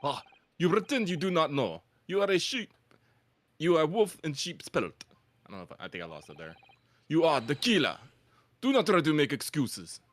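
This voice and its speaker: Guy doing a gruff fake-russian ship officer for a video game, stern and accusing, broken english, swings his voice up and down a lot. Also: on the high side, big pitch swings, moderate pace, a bit bright. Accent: mock Russian accent.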